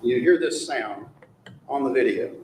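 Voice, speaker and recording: A man giving a courtroom closing argument to a jury, forceful and rhetorical, often mocking the words of the accused. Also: medium pitch, animated, unhurried, reverberant, slight background noise, poor audio. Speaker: prosecutor.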